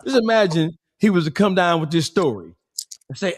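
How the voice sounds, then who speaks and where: Animated gossip host acting out scenes. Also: male voice, high-pitched, a little fast. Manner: animated, acts out scenes, asks probing questions. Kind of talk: casual gossip chat.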